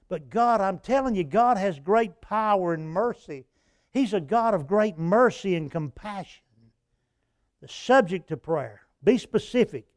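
An older preacher with a high, ringing voice, spinning a homespun story from the pulpit and climbing in fervor as he recounts the prayers. The sound is dry and close, with little room around him. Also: dry recording. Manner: folksy, rising to impassioned when recounting prayers. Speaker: pastor and revival preacher. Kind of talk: sermon with personal storytelling.

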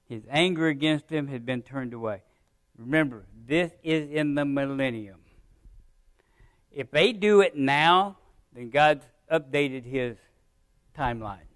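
A man preaching a sermon in a church, talking to the congregation in a conversational way, stressing key phrases and dropping low at the ends of sentences. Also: no room sound. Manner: rises in volume on emphasized phrases, drops low at sentence ends. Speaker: pastor. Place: church sanctuary.

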